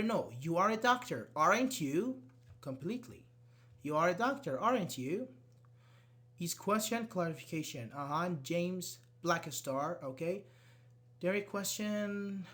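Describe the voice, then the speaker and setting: Higher-voiced man teaching English online. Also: fairly bright tone. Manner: non-native English speaker, loose grammar, repeats words; casual, talks directly to students. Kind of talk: live online class, answering chat questions.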